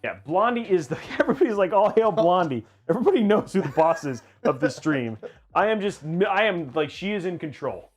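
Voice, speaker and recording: A man's voice: sits high, big pitch swings, a little fast, husky, faint music behind. A man hosting a livestream in casual chat, rambling and joking at his own expense. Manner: rambling, playful, self-mocking. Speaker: livestream host.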